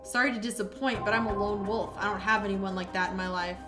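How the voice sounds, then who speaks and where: A woman voicing a gruff, defiant male detective who answers threats curtly and with swearing. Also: medium pitch, fairly even intonation, fast, music in the background, pitched below the performer's own voice, natural voice. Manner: blunt, curt, swearing.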